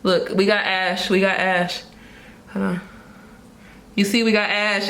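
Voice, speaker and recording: A young woman, excitedly unboxing and reviewing a wig, repeating herself and laughing often. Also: mid-range voice, normal speed, long pauses, roomy sound, a little hiss or hum. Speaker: beauty vlogger reviewing a wig.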